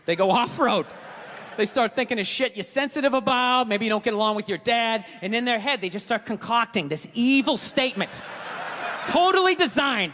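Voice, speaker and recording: A man doing a stand-up comedy routine, ranting and swearing in loud bursts before a live audience. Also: very high voice, a little hiss or hum. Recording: live hall reverb with audience.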